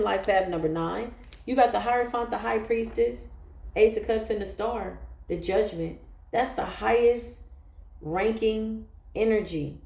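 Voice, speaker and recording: A woman's voice: a little high, a little mellow, echoey room. A woman giving an emotional, emphatic spiritual tarot reading, often breaking into exclamations. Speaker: tarot reader.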